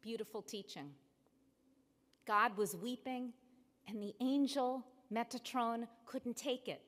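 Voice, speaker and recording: Slow, measured woman rabbi preaching. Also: fairly high pitch, a bit bright. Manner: measured, emphatic, with deliberate pauses. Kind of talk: sermon. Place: synagogue sanctuary. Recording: long hall reverb in a sanctuary.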